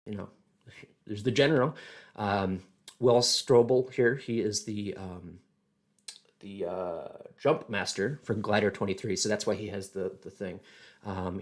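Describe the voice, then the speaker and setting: Low-voiced man giving a halting history talk. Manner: halting, thinking aloud with many fillers. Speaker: historical society presenter.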